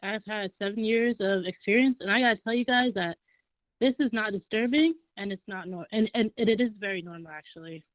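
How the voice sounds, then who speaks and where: A woman's voice: mid-range voice, fairly quick, dry recording. A woman in her twenties calling into a show, earnestly explaining her point. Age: 20s. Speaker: caller. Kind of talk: phone-in commentary. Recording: dry, tinny phone line.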